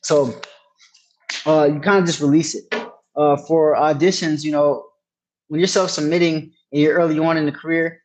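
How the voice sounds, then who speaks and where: A man's voice: on the high side, steady tone, normal speed, long pauses, noisy background. A man, a working actor, giving a casual, encouraging masterclass talk, full of "you know what I'm saying" asides. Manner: upbeat and encouraging.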